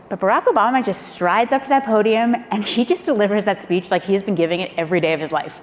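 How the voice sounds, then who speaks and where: A woman who is a former speechwriter, telling a lively story on a panel and acting out the quoted voices with big jumps in pitch. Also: fast talker. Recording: long hall reverb with faint noise.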